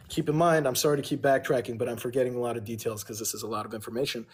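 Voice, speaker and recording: A man's voice: mid-range voice, fairly even intonation, racing, hardly any pauses, breathy edge. A young man telling a long personal story on a livestream, rambling and backtracking, acting out what others said.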